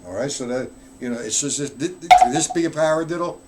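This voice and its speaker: A man's voice: fairly high pitch, a little fast. A man teaching drum rudiments on a live stream, counting beats aloud between casual, self-correcting explanations. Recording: loud drum and click noise. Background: drumming.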